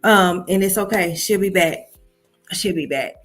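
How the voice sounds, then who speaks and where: A woman's voice: on the low side, unhurried, fairly bright tone, faint music behind. A woman hosting a casual livestream, chatty and calling her viewers y'all. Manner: chatty, addresses audience as y'all. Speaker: livestream host.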